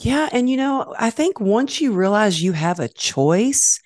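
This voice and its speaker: A woman hosting a podcast interview, encouraging and quick to affirm her guest. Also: medium pitch, lively intonation, darkish tone, no room sound, clean studio sound. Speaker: podcast host. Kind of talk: interview conversation.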